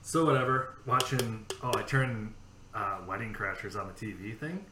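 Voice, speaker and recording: A man's voice: fairly low pitch, moderate pace, echoey room, heavy background noise. A man hosting a podcast, telling rambling, profane anecdotes in casual chat. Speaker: podcast host.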